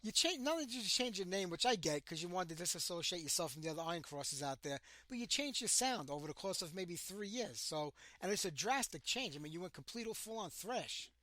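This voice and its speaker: A man's voice: sits high, expressive, a little fast, hardly any pauses, sharp tone, dry recording. A man hosting a radio interview, chatty and jokey with his guest. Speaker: radio show host. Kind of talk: casual interview.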